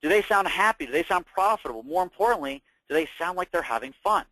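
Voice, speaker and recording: A man presenting a trading course, making an upbeat sales pitch full of rhetorical questions. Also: lively intonation, quick pace, sharp tone, no room sound, rough recording.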